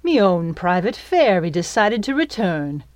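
A woman's voice: lowish voice, very animated, measured pace, a little mellow, no echo. Woman doing a greedy snarling young pirate. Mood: mocking. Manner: mocking, snarling, old-fashioned pirate talk. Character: young greedy pirate captain, boastful, with a steel claw.

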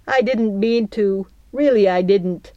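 A woman's voice: mid-range voice, slow, dark tone, no echo, highs cut off, lightly acted. A woman voicing a shy, sweet seven-year-old girl who speaks earnestly.

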